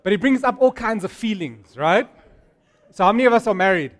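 A man's voice: sits high, lively intonation, fairly quick, a bit bright. A man preaching a sermon to a congregation, speaking playfully and often checking in with "right?". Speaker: pastor. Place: church service with a live congregation.

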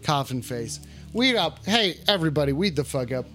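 A man hosting a call-in livestream, swearing a lot and shouting the same catchphrase over and over. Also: on the high side, big pitch swings, moderate pace, faint music behind. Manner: rowdy, swearing, repeats his shouted catchphrase. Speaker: call-in stream host. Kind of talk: profane casual livestream banter.

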